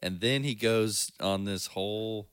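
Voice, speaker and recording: Male co-host, deep, crisp bright tone, rambling storyteller. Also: a little slow, no room sound, clean studio sound. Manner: storytelling, laughs easily, trails off with fillers. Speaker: podcast co-host. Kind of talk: casual chat.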